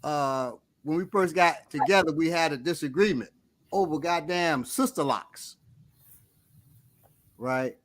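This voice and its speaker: A middle-aged man trades stories in an easygoing talk show. His voice sits high and bright, and he tells his tales with animation and frequent laughter. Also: unhurried, long pauses. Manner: animated storyteller, laughs a lot. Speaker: podcast co-host. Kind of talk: casual chat.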